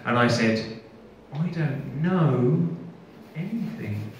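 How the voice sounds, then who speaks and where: A man performing a stand-up comedy set, telling a deadpan story that builds up to shouting. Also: mid-range voice, takes it slowly, slight background noise. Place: festival stage. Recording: echoey room from far off.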